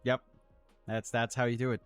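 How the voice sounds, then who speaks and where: A man's voice: mid-range voice, little pitch movement, moderate pace, smooth, soft background music. A man co-hosting a podcast, chatting in an easygoing, musing way. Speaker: podcast co-host. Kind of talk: casual chat.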